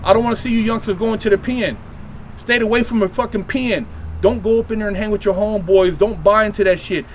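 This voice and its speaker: A man's voice: sits high, fairly even intonation, fairly quick, slight background noise, low-quality recording. A middle-aged man, host of a show, giving blunt, profane and heated street-style advice to young people about staying out of prison.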